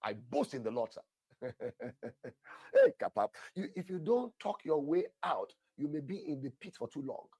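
A man preaching an emphatic, animated sermon, praying in tongues, repeating phrases and calling listeners "sir". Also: on the high side, fairly quick, slightly rough, no room sound.

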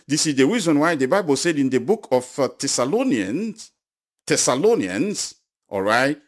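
A man preaching a sermon, repeating his phrases and building to loud, emphatic appeals to the congregation. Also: fairly high pitch, big pitch swings, normal speed.

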